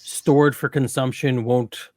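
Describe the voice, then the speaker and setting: A man's voice: mid-range voice, steady tone, takes it slowly, dry recording, clean studio sound. A man narrating as game master of a tabletop game, musing aloud.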